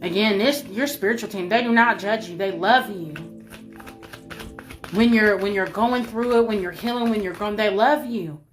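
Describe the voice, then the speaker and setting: Over soft background music, a spiritual reader speaks at medium pitch and normal speed, giving her viewers a spiritual message. She drives it home with emphasis and repetition, curses liberally, and keeps addressing the listener as baby.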